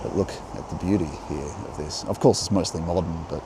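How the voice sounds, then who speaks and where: A man's voice: low voice, a little fast. Rambling man walking outdoors. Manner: rambling, musing, offhand. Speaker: vlogger. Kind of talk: walking tour vlog with talk. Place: outdoors by a harbour. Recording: outdoor noise and passing vehicles. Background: outdoor ambience and traffic.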